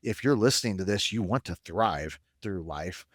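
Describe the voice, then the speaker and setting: A man co-hosting a casual podcast, telling stories in an animated way that swings between excitement and deflation. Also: lowish voice, normal speed, no echo, studio quality. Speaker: podcast co-host. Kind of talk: casual conversational podcast chat.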